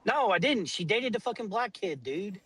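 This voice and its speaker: A man's voice: high voice, big pitch swings, moderate pace, fairly bright tone, slightly rough, dry recording, low-quality recording. A middle-aged man telling a family story in casual chat, blunt and rambling, swearing often.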